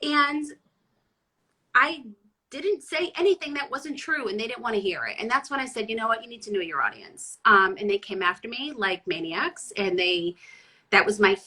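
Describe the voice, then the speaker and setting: Middle-aged boston woman, blunt and animated, bright voice with a husky edge. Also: on the high side, normal speed, poor audio. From Boston area, USA. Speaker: guest, chef and former sports reporter. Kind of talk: casual interview chat.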